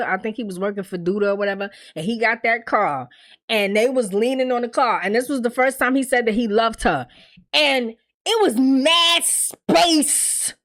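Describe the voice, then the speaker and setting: A young adult woman giving a casual, profane TV recap, bluntly acting out the characters' lines as she tells the story. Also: on the high side. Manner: blunt, profane, animated storytelling with quoted dialogue. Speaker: TV recap host.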